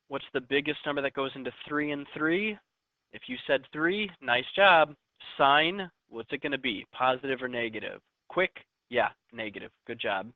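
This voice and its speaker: A man's voice: medium pitch, dry recording. Chatty male teacher on tinny audio. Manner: chatty, joking asides to students. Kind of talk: recorded math lesson.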